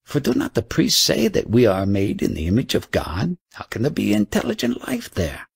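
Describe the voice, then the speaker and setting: A man's voice: fairly low pitch, wildly swooping pitch, moderate pace, gravelly, slightly rough, dry recording, studio quality, full character voice. A man voicing a brusque, skeptical male lab assistant, in an audiobook reading.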